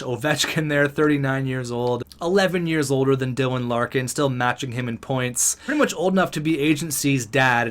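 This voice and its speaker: A man giving casual, excitable commentary over a hockey video game, chatty and upbeat as he talks through the results. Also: medium pitch. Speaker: gaming YouTuber.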